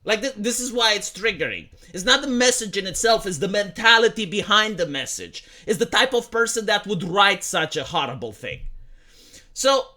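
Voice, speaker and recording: High, lively sarcastic male ranter. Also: moderate pace. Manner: sarcastic, emphatic, frequent stammered restarts. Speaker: online commentator. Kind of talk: ranting opinion commentary.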